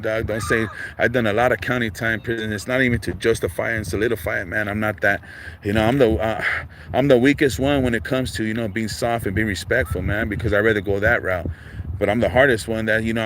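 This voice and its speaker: A middle-aged man, rambling to his livestream viewers in a relaxed stream of street slang. His voice sits low, with lots of man, dog and you know. A faint hiss of noise runs under the recording. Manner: laid-back street slang, constant fillers like man and dog. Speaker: livestream host. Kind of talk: casual livestream monologue.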